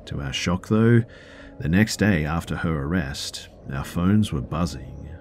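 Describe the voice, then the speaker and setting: A man hosting a podcast, reading a listener's first-person story aloud in a measured storytelling way with the odd filler. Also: rumbling low, expressive, a little mellow, a little hiss or hum. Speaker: podcast host.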